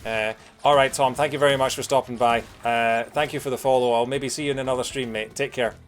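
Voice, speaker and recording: A man's voice: medium pitch, fairly even intonation, fast, faint music behind. A man streaming a video game, chatting with viewers in a rambling, casual way. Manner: chatty, rambling with many fillers. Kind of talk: casual live-stream commentary.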